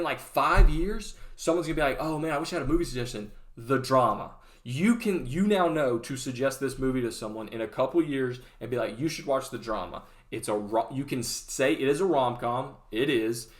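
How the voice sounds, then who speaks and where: A young man in a casual vlog rant, chatty and rambling. He drifts off on tangents and cuts himself off mid-thought. His voice sits at an ordinary middle pitch. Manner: rambling, chatty, self-interrupting. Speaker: movie review host.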